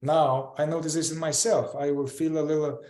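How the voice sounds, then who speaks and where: Male facilitator, slightly high pitch, reflective teaching tone, roomy echo on the call. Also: level tone, moderate pace, darkish tone. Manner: reflective, repeats phrases while demonstrating. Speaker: group facilitator. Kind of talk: casual teaching talk.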